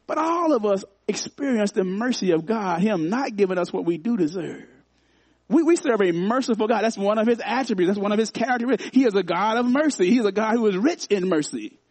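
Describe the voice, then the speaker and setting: A man's voice: high voice, animated, fairly quick, darkish tone, no room sound. A man preaching a sermon, repeating phrases for emphasis and calling out to his congregation. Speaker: pastor. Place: church.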